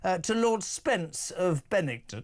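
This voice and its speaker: A man's voice: high voice, expressive, measured pace. A man hosting a radio talk show, brash and mocking as he chats with a guest. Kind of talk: opinionated drive-time chat.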